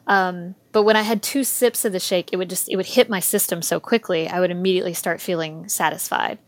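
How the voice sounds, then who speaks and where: A woman's voice: lowish voice, fairly even intonation, brisk, dry recording. A woman speaking as a podcast guest in a casual interview, talking candidly with frequent ums and easy laughter.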